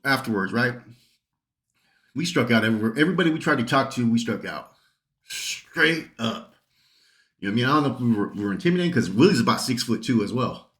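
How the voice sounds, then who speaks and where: A man's voice: mid-range voice, animated, racing, a bit bright, reverberant. A man casually telling a club story, rambling and swearing, often checking in with "right?". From San Jose area, California. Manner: profane, rambling, peppered with "right?". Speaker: channel host telling stories.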